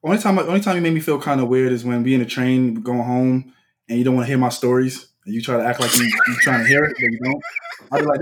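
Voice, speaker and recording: A man's voice: mid-range voice, quick pace, fairly bright tone. A man on a casual podcast joking and complaining theatrically about a friend. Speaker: podcast co-host. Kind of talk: casual storytelling banter.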